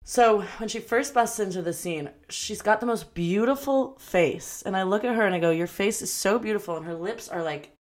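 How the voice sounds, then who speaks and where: A woman co-hosting a podcast, chatting casually about a movie, rambling and laughing as she acts out lines. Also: medium pitch. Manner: chatty, rambling, quick to laugh and act out quotes. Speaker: podcast co-host. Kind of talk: casual movie review chat.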